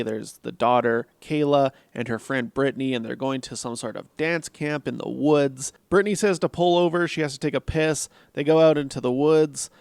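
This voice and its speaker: A man's voice: medium pitch, a little mellow, smooth, no echo. A man giving a casual, blunt film review, swearing freely and laughing at his own jokes. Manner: blunt, profane and sarcastic. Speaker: movie reviewer.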